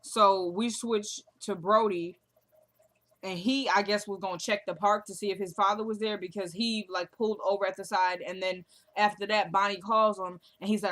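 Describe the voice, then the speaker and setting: A young woman hosting a casual vlog recap of a TV episode, chatty and slangy, acting out the characters' lines in quick quotes. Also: mid-range voice, fairly even intonation, a bit bright. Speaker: show recap host.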